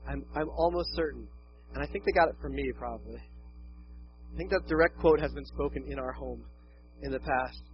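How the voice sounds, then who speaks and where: A man's voice: medium pitch, normal speed, pauses often, lo-fi sound, slight background noise. A man preaching a conversational, self-deprecating sermon, often acting out quotes. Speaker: pastor.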